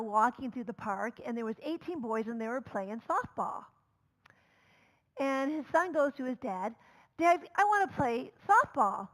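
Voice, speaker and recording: A woman minister giving a storytelling sermon, conversational, moving between loud calls and soft near-whispers. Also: fairly high pitch, rough recording. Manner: conversational, with fillers and asides.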